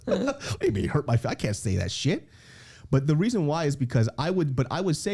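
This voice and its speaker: A comedian in his thirties talks candidly in a podcast interview, laughing often, swearing freely and acting out the quotes of other people. His voice is mellow and warm, and his pitch swings widely as he tells his stories. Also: sing-song, fairly quick. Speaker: guest comedian.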